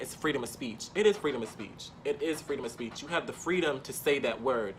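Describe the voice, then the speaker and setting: A man's voice: mid-range voice, lively intonation, fairly quick, few pauses, slight background noise. A man telling a personal story in an emphatic, impassioned way, repeating points for stress.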